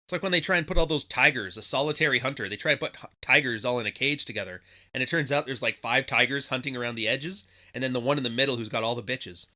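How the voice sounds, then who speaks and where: A man's voice: medium pitch, quick pace, hardly any pauses, bright, forceful tone. A man hosting a podcast, talking casually in a profane, sarcastic monologue, often mimicking people mockingly. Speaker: podcast host.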